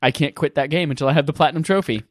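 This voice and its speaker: A man's voice: fairly high pitch, rapid-fire, no room sound, studio quality. A man from North Carolina co-hosting a gaming podcast, joking and swearing as he tells stories. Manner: joking, profane, animated storytelling. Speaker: podcast co-host. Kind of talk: casual gaming podcast chat.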